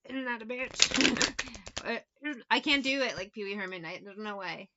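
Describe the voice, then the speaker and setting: A woman's voice: a little high, normal speed, lo-fi sound, heavy background noise. A woman giving a casual tarot reading, talking bluntly with plenty of swearing and sarcastic asides. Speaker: tarot reader.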